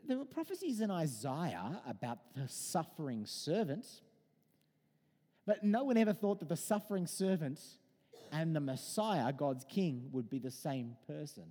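A man in his thirties preaching a sermon in a conversational, animated way, mixing in personal stories. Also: a little high, a little slow, slightly rough, in a large hall. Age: 30s.

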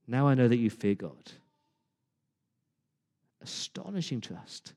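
A man preaching a sermon as pastor, speaking with passion, dramatic pauses and repeated words. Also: medium pitch, lively intonation, long reverb tail. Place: church.

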